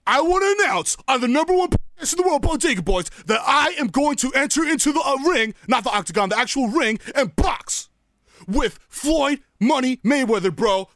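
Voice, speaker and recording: A man's voice: very high voice, fairly bright tone, no room sound, full character voice. A man playing a cocky young influencer boxer who swears and says bro constantly, in a comedy podcast sketch.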